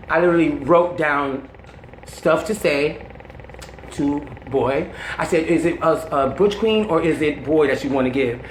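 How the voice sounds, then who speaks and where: Blunt, animated woman in an echoey room. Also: low voice, a little slow, a little hiss or hum. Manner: animated, blunt and slangy, laughing often. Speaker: interviewee telling stories. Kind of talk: candid storytelling interview.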